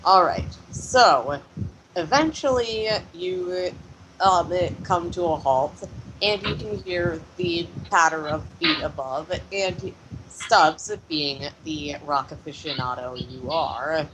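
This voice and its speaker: A woman narrating as game master of a tabletop role-playing session, relaxed and unhurried. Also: low-pitched, background noise.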